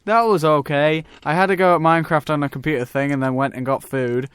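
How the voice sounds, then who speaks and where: A man's voice: on the high side, fairly even intonation, fast, crowd noise. A teenage man, telling stories in casual podcast chat with a dry manner. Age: teens. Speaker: podcast co-host. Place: recording studio.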